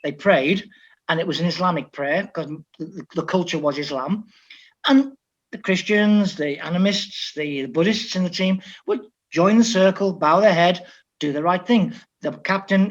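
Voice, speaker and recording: An older man from Liverpool, a football coach, telling stories in an animated way with frequent restarts. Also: sits high, slightly rough. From Liverpool, England. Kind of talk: storytelling interview talk. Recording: dull lo-fi audio.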